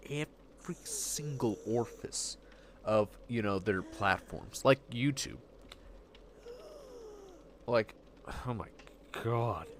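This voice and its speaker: Slow, lively-pitched man streaming. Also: a little hiss or hum. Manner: rambling, acts out quick voices in quotes. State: getting hiccups. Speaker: livestream host. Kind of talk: casual stream chat.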